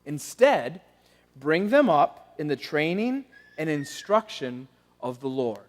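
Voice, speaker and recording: A man delivers a church sermon in a high-pitched voice, moving from animated storytelling to quiet, earnest pleading. His words trail into the long reverb of a large church auditorium. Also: slow pace. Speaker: pastor.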